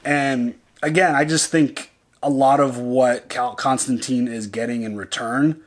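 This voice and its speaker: A man's voice: mid-range voice, fairly even intonation, a little slow. A man co-hosting a reaction video, chatting casually, loose and profane, thinking aloud and restarting his sentences. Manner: loose and profane, heavy on "like" and "dude".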